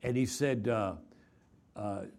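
A man's voice: fairly low pitch, slow, darkish tone. An older man from Texas preaching a chapel sermon, telling stories in a folksy way with frequent fillers and repeated words. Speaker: traveling preacher.

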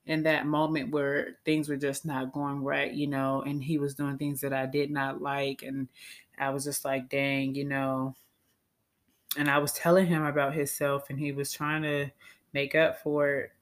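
A woman's voice: extremely low pitch, completely flat delivery, measured pace. A woman telling a personal story in a casual, candid, chatty way that often breaks into laughter.

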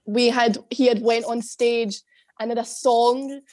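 A woman's voice: a little high, steady tone, slow, a little mellow. Young Scottish woman chatting casually. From Scotland. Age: young adult. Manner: chatty, rambling, laughs often, swears. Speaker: former drama student. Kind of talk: casual chat.

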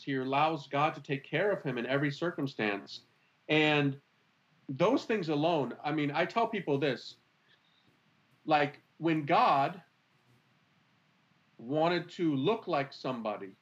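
A man's voice: fairly high pitch, a bit bright, dull audio. A man explaining his faith in an earnest conversational way, asking rhetorical questions as he talks. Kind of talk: animated conversational teaching.

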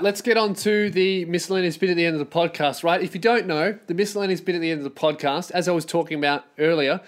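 Man, twenties, solo podcast, profane exasperated rant, a bit high-pitched. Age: 20s. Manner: profane, exasperated ranting with sarcastic asides. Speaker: podcast host.

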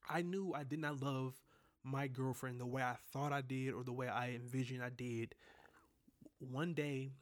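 A man's voice: mid-range voice, steady tone, moderate pace. Young guy telling wild stories off the cuff, swearing a lot, mid-range voice, talking right to his listeners. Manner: candid, profane, talks straight to listeners. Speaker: podcast host telling personal stories. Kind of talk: casual storytelling monologue.

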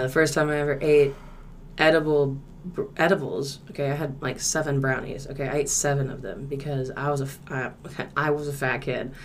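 A young woman, telling a story in casual podcast chat, laid-back and swearing, loud when she acts out quotes. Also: rumbling low, slight background noise. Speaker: podcast co-host.

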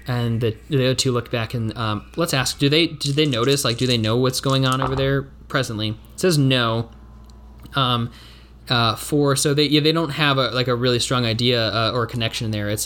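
A man's voice: mid-range voice, fairly even intonation, quick pace, a bit bright. A man from the United States narrating and thinking aloud through a solo tabletop game, with many fillers and restarts.

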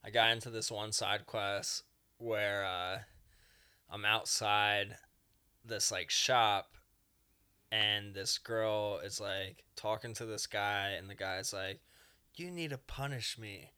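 A man in relaxed podcast chat, telling a long rambling story with quick asides. His voice is bright and forceful, and his sound is smooth and crisp. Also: lowish voice. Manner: rambling storyteller, acting out game characters in passing. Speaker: podcast co-host. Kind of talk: casual chat.

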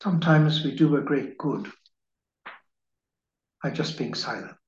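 A man giving a slow, measured spiritual reading in the manner of a preacher. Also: on the high side. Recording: echoey room, dull lo-fi sound.

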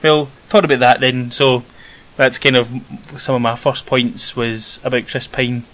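A young Scottish man chatting casually about a film as a podcast co-host, rambling with many pauses and ums. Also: medium pitch, fairly even intonation, a bit bright, rough recording. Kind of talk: casual film review chat. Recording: faint hiss.

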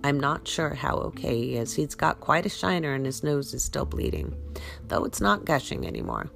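A woman voicing an older, brisk and kindly woman who talks in homespun, folksy phrases. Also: a bass voice, sing-song, creaky, a bit bright, faint music behind, heavily acted. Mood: reassuring.

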